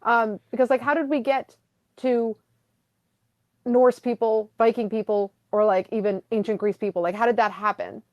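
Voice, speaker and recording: A woman with a fairly high voice chats as a guest, full of "like" and "um" as she thinks aloud. Her voice sounds dry and close, with little room around it. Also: steady tone, normal speed, a little mellow, no room sound, highs cut off. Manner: chatty, lots of "like" and "um". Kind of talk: casual conversation.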